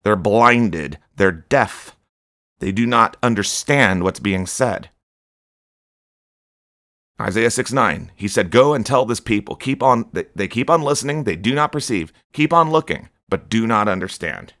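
A man's voice: fairly low pitch, expressive, a little slow, a bit bright, no echo, clean studio sound. A man preaching a stern, scolding sermon on his podcast, rebuking his listeners.

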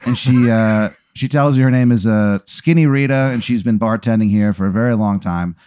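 A man's voice: on the low side, normal speed, a little mellow, clear, resonant tone. A man running an improvised comedic story as game master, rambling through fillers and restarts.

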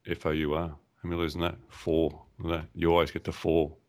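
A very deep-voiced man joins a podcast from a remote call line, talking in a relaxed, playful and teasing way. Keyboard typing can be heard in the background. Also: quick pace. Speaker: podcast co-host. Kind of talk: casual chat.

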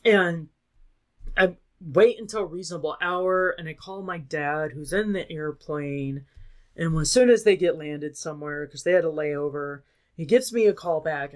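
Woman ranting in casual chat. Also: fairly low pitch. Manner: ranting, swears freely.

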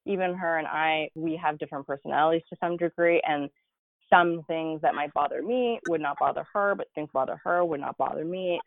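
A woman guest telling a personal story in a conversational interview, animated and laughing, with lots of casual fillers. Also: low-pitched, dry recording. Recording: tinny phone-like dry remote audio.

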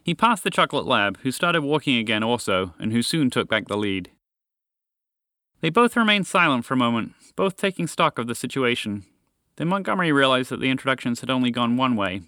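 A man hosting a story podcast, reading scripted storytelling narration in a friendly, expressive way. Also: medium pitch, a little fast, no room sound, clean studio sound.

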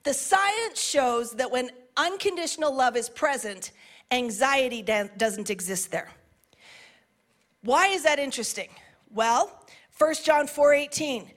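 Female preacher with a high voice; earnest, emphatic sermon delivery with conversational asides. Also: lively intonation, a little slow, a bit bright. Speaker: pastor.

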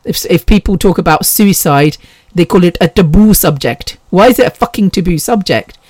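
A woman's voice: fairly low pitch, expressive, normal speed, darkish tone, slightly rough, no echo. Chatty British woman, dry close sound. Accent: British English. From England. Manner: chatty, laughs often, swears freely. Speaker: podcast host. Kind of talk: casual solo podcast monologue.

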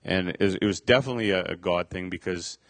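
A middle-aged man telling a personal faith testimony, halting, with many fillers and restarts. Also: low-pitched, a bit bright, no echo. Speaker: speaker sharing a testimony.

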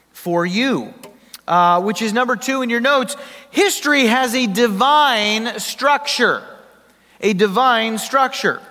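A pastor preaching a sermon in a conversational, emphatic way, asking the congregation questions. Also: male voice, high voice, bright, forceful tone. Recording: long hall reverb.

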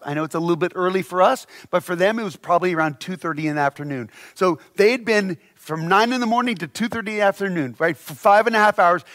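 A man with a high voice preaches in a relaxed, chatty way. He reads scripture and breaks in with dry asides, checking in with a "right?" as he goes. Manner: conversational, asks "right?" often, adds wry asides. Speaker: pastor. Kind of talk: sermon with scripture reading.

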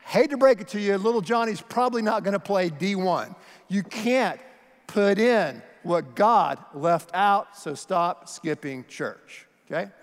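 A high-voiced male pastor preaching with emphasis, pressing the listeners with question after question. His voice carries through a reverberant church hall with a long tail. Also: lively intonation, measured pace. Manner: emphatic, conversational, asks many questions. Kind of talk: sermon.

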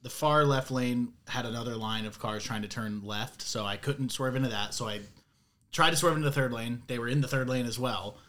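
Animated man podcast co-host. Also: mid-range voice, brisk. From Florida. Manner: animated storyteller, gets loud when worked up. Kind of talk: casual chat.

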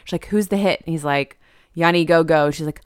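A woman co-hosting a movie podcast, retelling scenes in lively casual chat and quoting characters. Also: low-pitched, a little fast, dry recording, studio quality. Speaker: podcast co-host.

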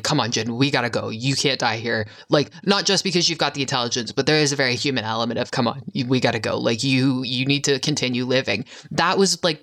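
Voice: mid-range voice, a bit bright. A podcast co-host talking through a TV episode with passion, cursing and losing the thread mid-sentence. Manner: passionate, swears, wanders mid-thought. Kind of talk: casual chat, TV episode discussion.

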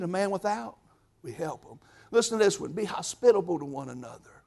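A man preaching a sermon, telling folksy stories and swinging from soft asides to loud bursts. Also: on the high side, gravelly.

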